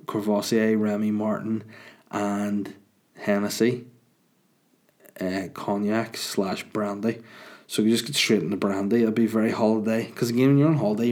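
A man talks in a loose, rambling monologue. He rants and swears freely in a lowish, warm, mellow voice. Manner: chatty, ranting, swears freely.

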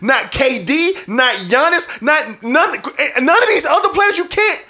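In a very high, sing-song voice, bright and forceful yet unhurried, a sports show host rants his opinions emphatically. He repeats points for effect and lets out bursts of laughter between them.

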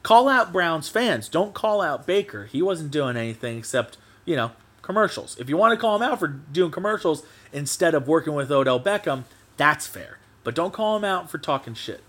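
A man's voice: a little high, very animated, moderate pace, hardly any pauses, a bit bright. A man hosting his own sports podcast, ranting animatedly and swearing casually in a solo monologue. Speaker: podcast host.

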